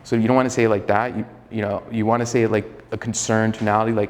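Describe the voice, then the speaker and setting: A man's voice: on the low side, flat delivery, fast talker, hardly any pauses. Casual, profane male sales coach in a reverberant room. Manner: casual, profane, self-described slightly arrogant, acts out sales calls. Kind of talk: live sales training.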